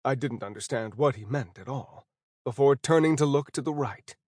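A man narrating a first-person fantasy audiobook in a steady, even storytelling voice. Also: mid-range voice, normal speed, dry recording, clean studio sound.

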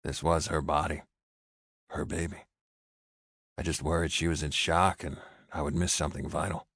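Male audiobook narrator, extremely deep voice, dry close sound, measured first-person read. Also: little pitch movement, fairly bright tone, breathy edge, no echo.

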